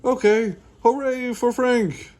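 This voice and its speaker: A man doing a loud, bouncy bean musician. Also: big pitch swings, unhurried, breathy edge, heavily acted. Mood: shouty, cheerful. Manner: shouty, bouncy and high. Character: loud, cheerful, mishearing male bean musician.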